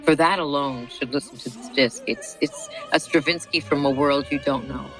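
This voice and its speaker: A woman's voice: low voice, normal speed. A woman conductor describing a recording in an interview, thoughtful and storytelling, with small hesitations. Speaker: orchestra conductor. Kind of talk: relaxed interview talk about a recording. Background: orchestral music underneath.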